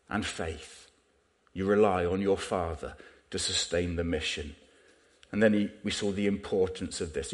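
A man preaching in a chatty, conversational way, tossing rhetorical questions at his listeners. His voice sits a little low, and it rises and falls as he makes each point. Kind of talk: sermon.

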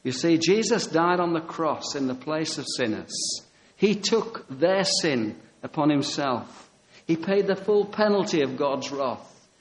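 A male preacher delivers a sermon in an animated, storytelling way, acting out dialogue and hammering home short phrases. His voice sits somewhat higher than most men's. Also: unhurried, low-quality recording.

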